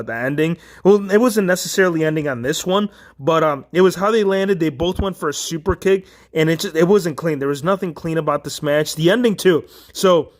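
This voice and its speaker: A man talks through wrestling results in a loose, joking ramble, his voice sitting a little high for a man. He drifts between points and tosses in quick mock voices along the way. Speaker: wrestling reviewer. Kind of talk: casual review commentary.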